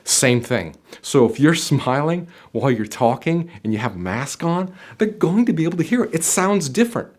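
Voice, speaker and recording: Middle-aged male interview coach, lively pitch swings, emphatic and motivational to camera. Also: normal speed, hardly any pauses. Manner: emphatic, motivational, addresses viewer directly. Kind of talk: direct-to-camera coaching video.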